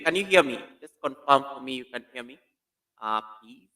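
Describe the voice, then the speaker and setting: A man's voice: mid-range voice, expressive, moderate pace, bright, forceful tone. A man hosting a casual live stream, animatedly greeting viewers by name while testing a new computer mic in an echoey room.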